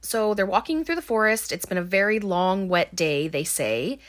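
A woman's voice: medium pitch, lively intonation, moderate pace. A woman giving a casual, chatty movie recap, full of ums and likes.

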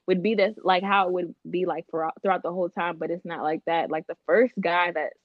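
Animated woman telling a dating story. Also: on the low side, a little fast, no echo, phone-quality sound. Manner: animated storytelling with quoted voices and laughs. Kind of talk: casual chat.

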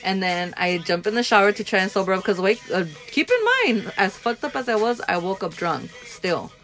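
A young woman co-hosting a podcast, telling a story in casual chat with animated, frank, profane talk. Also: medium pitch, fairly quick, soft background music. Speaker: podcast co-host.

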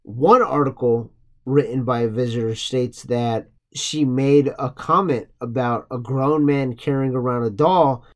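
A man's voice: medium pitch, measured pace. A man co-hosting a podcast, retelling a story casually with lots of swearing and jokes. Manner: profane, joking, mocking voices in quotes. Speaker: podcast co-host.

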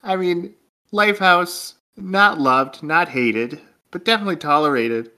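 A man's voice: a little high, animated, a little slow, bright, forceful tone. A man co-hosting a casual, comedic podcast chat, playful and joking, often breaking into laughter. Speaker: podcast co-host.

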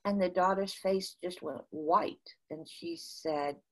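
Older woman, from the USA, low pitch, interview guest, animated storytelling, restarts often. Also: slow, hardly any pauses.

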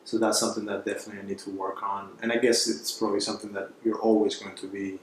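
A man's voice: lowish voice, flat delivery, rapid-fire. Man, podcast host, candid and self-questioning, very roomy echo, faint background noise. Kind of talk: reflective podcast conversation. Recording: echoey room with faint noise.

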